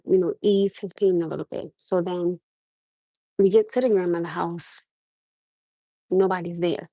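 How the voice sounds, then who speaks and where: A young woman livestreaming from her phone, with a faint New York tinge and a mellow, warm tone. She talks in a loose, animated way, restarting sentences and pressing her viewers for their opinion. Her voice sounds dry and close, with no room around it. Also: on the low side, no room sound, poor audio. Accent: New York-tinged American. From Norwalk, USA. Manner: animated, repeats questions to the audience, restarts often. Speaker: livestream host. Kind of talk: casual livestream chat to viewers.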